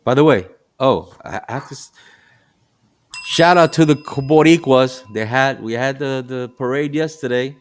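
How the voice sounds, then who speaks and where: A middle-aged man, a bus operator hosting a casual podcast, telling stories in a lively way with frequent restarts and repeated words. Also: mid-range voice, normal speed. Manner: animated storytelling with frequent restarts.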